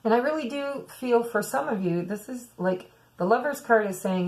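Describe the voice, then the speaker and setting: A woman's voice: a little high, expressive, normal speed, a little mellow, poor audio. A woman giving a weekly tarot reading, musing aloud and speaking to her viewers as "some of you.". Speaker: tarot reader.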